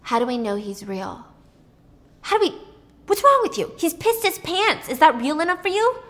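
Frantic young waitress, shrill and defensive, pitched way up; voiced by a woman. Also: sing-song, moderate pace, fairly bright tone. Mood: panicked. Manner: shrill, exasperated outbursts.

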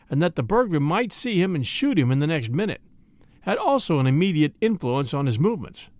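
A man narrating a classic short story in a measured storytelling manner. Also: fairly high pitch, no room sound. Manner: measured storytelling with voiced dialogue. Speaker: audiobook narrator.

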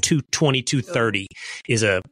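A man's voice: medium pitch, moderate pace, fairly bright tone, no echo. Male podcast host, conversational, pushes points hard, dry close mic. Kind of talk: casual podcast chat.

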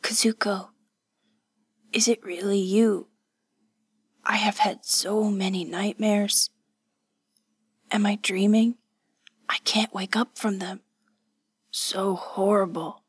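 A woman voicing a badly wounded young woman who is weak and delirious, speaking in a faint breathy whisper. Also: mid-range voice, steady tone, takes it slowly, long pauses, dry recording. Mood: weak pleading.

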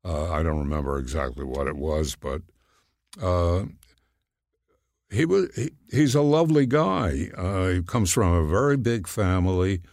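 A man in his nineties, a guest in casual chat, telling stories slowly and haltingly. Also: low voice, a little mellow, dry recording, clean studio sound. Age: 90s. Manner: slow, halting storyteller. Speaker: guest, cartoonist.

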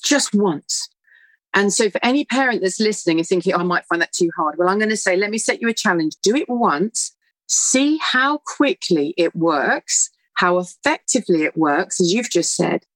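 Middle-aged woman, earnest and animated, very dry close sound. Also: mid-range voice, moderate pace, dry recording. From United Kingdom. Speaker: guest. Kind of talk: conversational interview answer.

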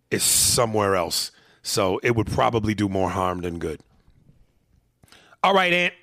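Gravelly podcast host, loose and profane. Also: male voice, on the low side, a bit bright, no echo, clean studio sound. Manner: loose, profane, jokey banter. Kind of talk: casual podcast chat.

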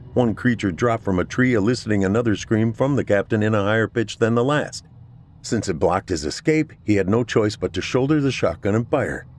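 A man giving a steady, measured scripted narration of a horror story. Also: fairly low pitch.

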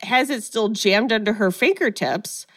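A woman co-hosting a podcast, casually recapping a film and acting out the quotes with lively energy. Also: medium pitch, a little slow. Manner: animated storyteller, acts out quotes. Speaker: podcast co-host.

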